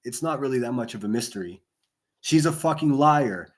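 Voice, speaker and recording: A man hosting a livestream, ranting angrily and profanely into a desk microphone, breaking into yelled bursts and sarcastic asides. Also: medium pitch, lively intonation, a little fast. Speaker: livestream host. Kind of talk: angry livestream rant.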